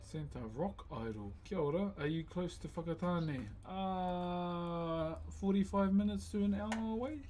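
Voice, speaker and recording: New man, unhurried and slightly high-pitched, chatting casually with stream viewers. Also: a little mellow, slight background noise. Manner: laid-back, greets viewers as "bro". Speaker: wood carver live-streaming. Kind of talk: casual live-stream chat.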